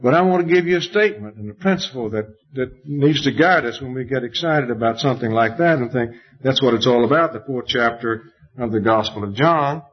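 A man preaching a sermon, emphatic, his voice jumping up in pitch to stress each point. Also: fairly quick, breathy edge. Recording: dull lo-fi recording.

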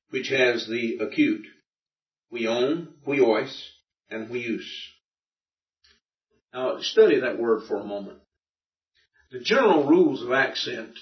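A man's voice: mid-range voice, recorded from a distance. A man teaching a Greek grammar class, patiently explaining and checking that his students follow. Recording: dull roomy recording from afar.

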